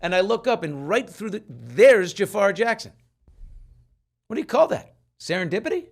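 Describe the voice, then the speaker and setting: A man's voice: high-pitched, normal speed, vocal fry. A man hosting a talk show, chatting casually and telling stories with animation, acting out the people he quotes. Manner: animated storyteller who acts out quoted people. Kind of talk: casual chat.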